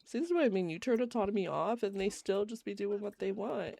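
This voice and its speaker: A woman's voice: medium pitch, animated, fairly quick, creaky, dark tone, no room sound. A woman streamer giving casual, giggly commentary on a life-simulation game while she plays live. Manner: chatty, giggly, reacts to gameplay. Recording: faint game music behind.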